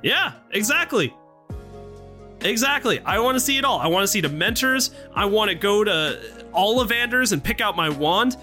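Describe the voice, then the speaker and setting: A man co-hosting a casual gaming podcast, animated and playfully theatrical, laughing often. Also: sits high, normal speed, soft background music. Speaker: podcast co-host. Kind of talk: casual chat.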